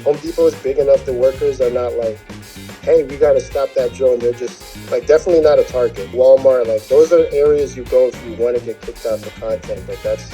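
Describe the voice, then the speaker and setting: A man talking casually as a drone pilot guest in an interview, laid back but getting lively when he gives advice. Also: mid-range voice, a little fast, hardly any pauses, soft background music, rough recording.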